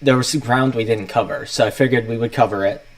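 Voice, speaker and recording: A man's voice: medium pitch, quick pace, low-quality recording. A young man hosting a casual livestream, rambling loosely as he talks himself through setting things up.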